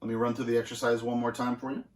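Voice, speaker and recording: Relaxed drum teacher in an echoey room. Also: male voice, mid-range voice, very noisy. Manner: relaxed, halting with many fillers. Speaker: drum instructor. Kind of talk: casual instructional demonstration. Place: music school practice room.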